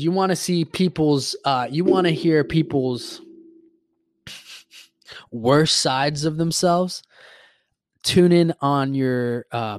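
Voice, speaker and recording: A man in his twenties hosting a podcast, telling a story in a rambling, profane, animated way. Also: mid-range voice, no room sound, clean studio sound. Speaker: podcast host. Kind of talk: casual storytelling monologue.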